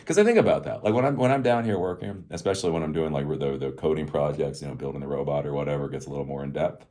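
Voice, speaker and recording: Low-voiced middle-aged guy ranting about tech, sarcastic, rambly, keeps chuckling. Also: very fast, dark tone. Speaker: tech commentary host. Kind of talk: casual solo commentary.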